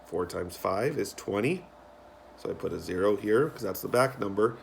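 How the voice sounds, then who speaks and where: Gravelly-voiced male teacher. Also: fairly low pitch, lively intonation, moderate pace, a little hiss or hum. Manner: patient, repeats himself, many ums and restarts. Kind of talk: recorded classroom instructions for students.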